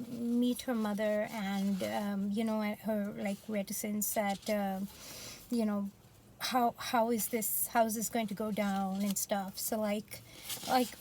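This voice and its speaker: A woman's voice: a little high, a little mellow, slight background noise, poor audio. Chatty rambling woman with an Indian accent. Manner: rambling, chatty, full of fillers and tangents. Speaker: book vlogger. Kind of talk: casual chat.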